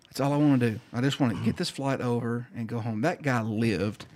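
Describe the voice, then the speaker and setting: Man, flight nurse guest on a podcast, animated storyteller who acts out every voice. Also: medium pitch, a little fast. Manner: animated storyteller acting out dialogue.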